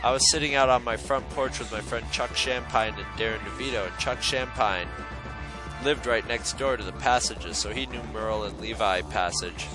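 Brief: male podcast host, lively, profane storyteller, mid-pitched voice, with music in the background. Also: moderate pace, low-quality recording. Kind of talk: casual storytelling.

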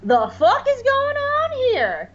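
A woman's voice: very high voice, wildly swooping pitch, takes it slowly, fairly bright tone, lo-fi sound, a little hiss or hum, voice pushed up, heavily acted. A woman voicing an outraged male alien trade ambassador who blurts indignant, slangy protests.

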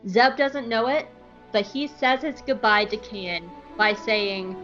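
A woman hosting a podcast, recapping an episode in an animated, profane, jokey way on a close mic. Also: fairly high pitch, a little slow, highs cut off, music in the background. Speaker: podcast host.

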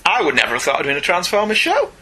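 A man's voice: high voice, huge pitch swings, rapid-fire, sharp tone. A man co-hosting a comics podcast, chatty and jokey, laughing often as he reads listener emails. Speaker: podcast co-host. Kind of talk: casual chat, reading listener emails.

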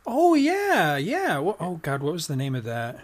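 An American man in casual podcast banter, easygoing and quick to laugh. His voice sits a little higher than most men's. He drops fast side remarks as he talks. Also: huge pitch swings. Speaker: podcast co-host. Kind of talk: casual chat.

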